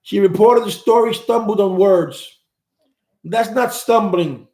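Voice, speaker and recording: A man's voice: sits high, slow, a little mellow. A man hosting a live stream, reading viewer comments and rambling through his opinions, often repeating words while he searches for them. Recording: echoey room.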